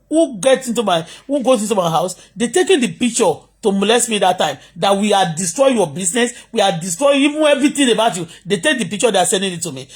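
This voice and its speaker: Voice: medium pitch, breathy edge. A middle-aged vlogger from Nigeria with a Yoruba accent, ranting indignantly on a phone livestream, mixing English and Yoruba and often asking listeners whether they understand. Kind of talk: impassioned livestream rant. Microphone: phone on a live stream.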